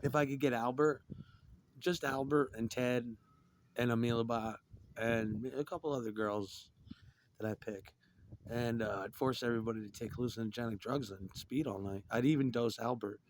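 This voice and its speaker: A man's voice: mid-range voice, fairly even intonation, moderate pace, slight background noise. A middle-aged man in a profane, rambling monologue that jumps from topic to topic.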